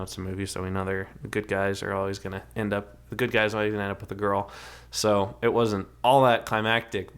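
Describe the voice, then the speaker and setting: A man's voice: lowish voice, fairly bright tone. A man co-hosting a podcast, chatting casually and rambling through a movie review, often restarting his sentences. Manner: rambling, restarts, acts out characters' lines. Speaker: podcast co-host.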